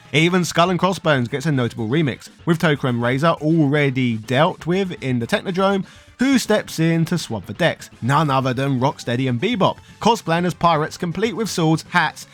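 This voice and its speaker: Playful man narrating a game documentary. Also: fairly high pitch. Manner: playful, punchy delivery with wry asides.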